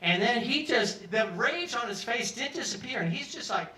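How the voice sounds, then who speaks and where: A man's voice: very high-pitched, lively intonation, normal speed, pushed and bright. A man in his sixties telling a casual, profane story live in a pub. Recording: roomy pub from far off.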